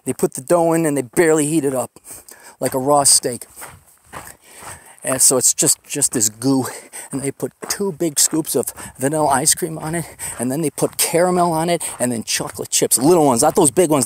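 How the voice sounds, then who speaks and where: A man's voice: on the high side, fairly quick, darkish tone, slight background noise. A man hosting a podcast, rambling casually while hiking outdoors on a desert trail, ranting with profane sarcasm. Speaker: podcast host.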